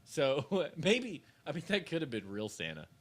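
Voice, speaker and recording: A young man co-hosting a casual podcast, joking around and slipping into loud goofy voices. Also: fairly high pitch, huge pitch swings, normal speed. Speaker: podcast co-host.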